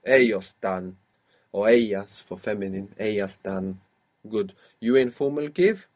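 A man's voice: fairly low pitch, measured pace, a little mellow. A man teaching an audio language lesson, patiently prompting his student step by step.

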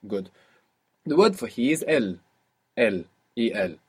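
Male language teacher, slightly husky, patient, quizzes a learner and repeats answers back. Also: medium pitch, sing-song, measured pace, darkish tone. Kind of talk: guided spoken lesson.

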